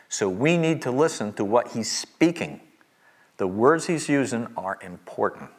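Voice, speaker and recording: Casting: middle-aged male Bible teacher, emphatic, repeats key lines slowly. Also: medium pitch, lively intonation.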